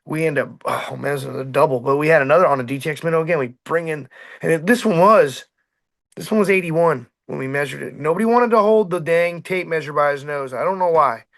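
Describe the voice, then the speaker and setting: A middle-aged man, a fishing boat captain, telling animated stories in casual chat and acting out shouts and quotes. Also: a little high, fast talker, vocal fry. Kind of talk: casual storytelling on a podcast.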